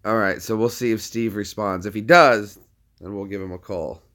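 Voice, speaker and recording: A man's voice: fairly low pitch, moderate pace, a bit bright. Man, livestream host, rambling, restarts sentences, casual chat, phone mic.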